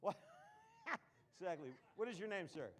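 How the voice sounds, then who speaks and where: Punning comedy magician, high-voiced man. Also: lively intonation, moderate pace, fairly bright tone, slight background noise. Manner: punning, self-mocking, jokey. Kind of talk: live stage magic patter. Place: live theater stage.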